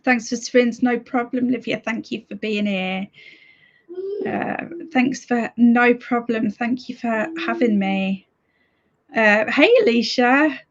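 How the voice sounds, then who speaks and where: A woman's voice: a little high, steady tone, slow pace, muffled recording. A woman hosting a reading livestream, chatting casually and giggling as she reads out viewer comments. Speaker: streamer hosting reading sprints.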